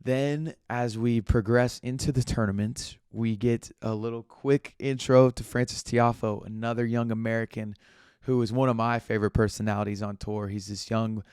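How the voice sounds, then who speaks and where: A man's voice: mid-range voice, fairly even intonation, normal speed, a little mellow, smooth, no room sound, studio quality. A young man chatting casually on his own, rambling and correcting himself as he talks. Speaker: podcast host. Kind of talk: casual solo commentary.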